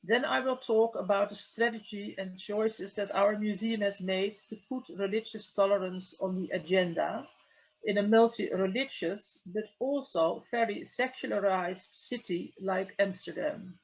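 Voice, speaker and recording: A woman, a museum curator, giving a measured, structured talk in an online conference session. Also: medium pitch, husky. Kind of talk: conference presentation. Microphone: video call. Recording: dull lo-fi call audio.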